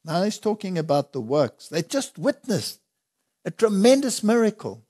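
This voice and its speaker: Man, Bible teacher, earnest, emphatic, slightly higher pitch. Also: big pitch swings, moderate pace, mellow, slightly rough. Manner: earnest, reads scripture aloud in King James wording. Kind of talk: conversational Bible study.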